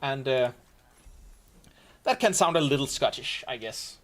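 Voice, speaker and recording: A man's voice: mid-range voice, measured pace. A man with a Danish accent, a Danish speaker, leading a game raid and chatting casually while he plays. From Denmark. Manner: relaxed, chatty, thinking aloud. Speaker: raid commander. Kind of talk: casual gameplay commentary.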